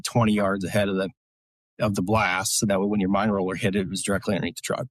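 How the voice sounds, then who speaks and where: A man's voice: sits low, level tone, fast talker, dry recording. A man, a military veteran guest, telling a story casually in a blunt, profane, rambling way with lots of fillers.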